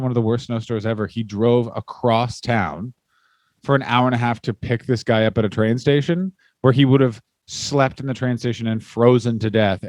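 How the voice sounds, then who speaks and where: A Canadian man chats casually on a comedy podcast, rambling through stories and slipping into goofy voices. His voice sits at a middle pitch, recorded close and dry. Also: a little mellow, no room sound. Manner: rambling, jokey, acts out silly voices. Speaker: podcast co-host.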